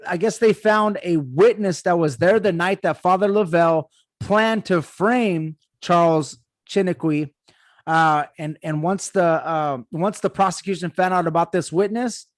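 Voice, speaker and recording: A man's voice: fairly high pitch, no echo. A man hosting a casual podcast, recounting history hesitantly with many fillers and asides to listeners. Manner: hesitant reading-style recounting with fillers, addresses listeners as guys. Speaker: podcast host.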